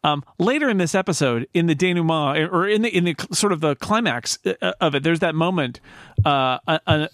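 A man's voice: fairly high pitch, a bit bright, dry recording, studio quality. A man hosting a podcast, recapping a show in a rambling casual way. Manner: rambling recap, many restarts. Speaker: podcast host. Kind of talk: casual chat.

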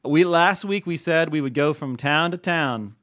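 A man's voice: a little high, moderate pace, a bit bright. A man co-hosting a podcast, chatting casually with playful, teasing banter. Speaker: podcast co-host. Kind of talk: casual chat.

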